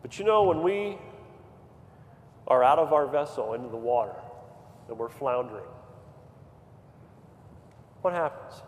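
A man preaching a sermon in a church, moving from quiet storytelling to fervent, near-shouted appeals. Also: medium pitch, expressive, a little slow, long pauses, a little hiss or hum. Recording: long hall reverb, faint ambience.

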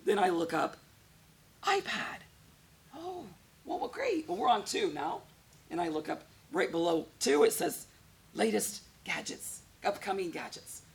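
A woman's voice: on the low side, moderate pace. A woman preaching a sermon in a conversational way, often putting questions to her congregation.

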